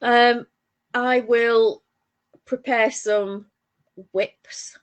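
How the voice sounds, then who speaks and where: A woman's voice: a little high, fairly even intonation, drawn-out words. A woman from northern England, co-hosting a crafting podcast in casual, rambling chat full of restarts. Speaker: podcast co-host.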